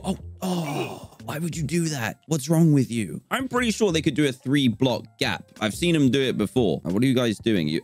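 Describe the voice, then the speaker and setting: Excitable man voicing gameplay commentary. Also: mid-range voice. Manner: excitable, laughs often, talks to the goats. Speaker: gaming YouTuber.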